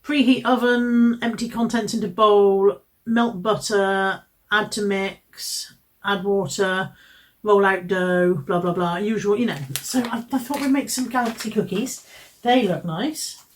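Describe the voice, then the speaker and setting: A woman talks through her shopping in a chatty, rambling way, often joking at her own expense. Her voice sits at a middle pitch. The mic is a little distant, so she sounds slightly set back. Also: fairly even intonation, unhurried. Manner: chatty, self-mocking, rambling. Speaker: vlogger. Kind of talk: casual haul chat. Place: home, indoors.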